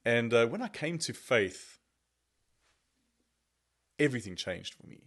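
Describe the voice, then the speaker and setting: A man who is a podcast guest, telling his personal testimony as an animated, self-deprecating storyteller. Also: medium pitch, a little slow.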